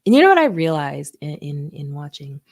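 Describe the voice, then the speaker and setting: A woman's voice: deep voice, very animated, fairly quick. A woman comic doing a laid-back, rambling stand-up set on a live stream, giggling often.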